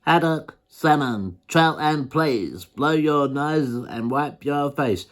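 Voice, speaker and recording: A man voicing a squeaky little magic man who sings his rhymes slowly in a country-western style. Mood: sing-song.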